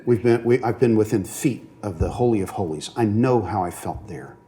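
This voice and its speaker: This seminary professor has a fairly low pitch and a dark tone, speaking at a normal speed. He lectures his classroom earnestly and grows emotional at moving moments, checking often that students keep up, and his speech is full of fillers and restarts.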